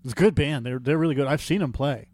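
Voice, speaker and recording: A man chatting casually on a podcast as co-host, an animated storyteller who swears and fills with "like" and "you know". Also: medium pitch, fast, no room sound. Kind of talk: casual chat.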